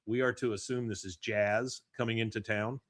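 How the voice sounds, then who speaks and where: A podcast host with a lowish voice recaps an episode at normal speed, chatting casually and animatedly acting out the characters' lines. There's a little hiss or hum in the recording.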